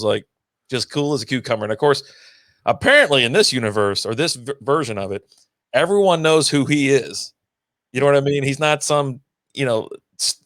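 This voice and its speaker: A man co-hosting a casual reaction chat, relaxed and rambling, checking in with his co-host often. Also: mid-range voice, no room sound, clean studio sound. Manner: relaxed, rambling, keeps saying you know what I mean.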